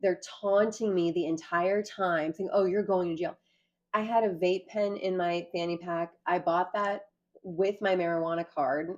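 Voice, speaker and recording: A woman giving an earnest, animated account of her arrest during a conversation. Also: on the low side, highs cut off. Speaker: guest recounting an arrest.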